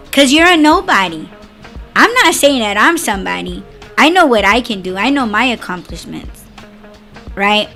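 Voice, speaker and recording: A woman hosting a podcast, ranting solo in a loose, profane, sarcastic way. Her voice sits a little high, and she laughs easily between jabs. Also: a bit bright. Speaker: podcast host. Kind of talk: casual ranting monologue.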